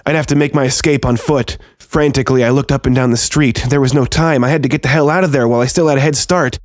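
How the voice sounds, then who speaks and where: Man, horror narration, first person, tense and steady, mid-pitched, dry studio sound. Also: no echo.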